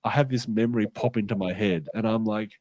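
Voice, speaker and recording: A man's voice: lowish voice, brisk, no echo. A man co-hosting a podcast, telling a tabletop game story and acting out the quoted lines. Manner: animated, acts out quoted dialogue. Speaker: podcast co-host. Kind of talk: casual chat, storytelling.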